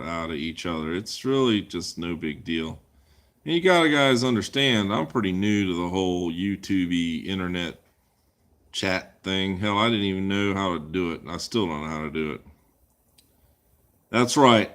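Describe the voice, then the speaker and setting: A man's voice: fairly low pitch, a bit bright. A man hosting a casual live chat Q&A, rambling and making crude jokes as he answers viewers. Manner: rambling, crude joking banter. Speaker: livestream host answering chat.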